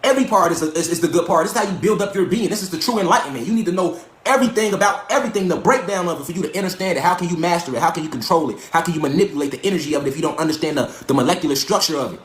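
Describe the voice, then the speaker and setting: A man hosting a livestream, preaching in a profane, fast, mocking rant. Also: on the high side, roomy sound. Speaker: livestream host.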